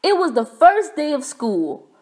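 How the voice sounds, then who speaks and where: A woman reading a children's picture book aloud at an unhurried, deliberate pace. Her voice sits a bit high, and she acts out the story expressively. Every word comes out clear. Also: big pitch swings, a little mellow. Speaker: storybook reader. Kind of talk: children's read-aloud narration.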